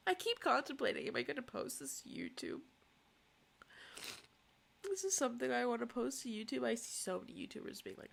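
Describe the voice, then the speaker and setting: Young woman, crying and worn out, confessional vlog; lots of vocal fry, stumbling restarts. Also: on the high side, expressive. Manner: halting, searching for words, drops to whispers. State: tearful, exhausted. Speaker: student filmmaker vlogging.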